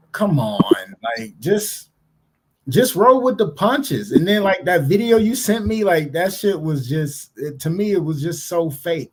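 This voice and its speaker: A man's voice: on the high side, very noisy. A man co-hosting a casual podcast, talking bluntly with lots of slang and swearing. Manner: blunt, animated, heavy slang and profanity. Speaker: podcast co-host. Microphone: remote stream mic.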